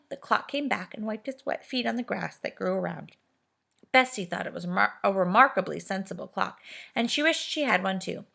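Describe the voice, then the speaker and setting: Woman storybook reader, gentle and steady, slightly raspy voice. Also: medium pitch, normal speed. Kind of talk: reading a storybook aloud.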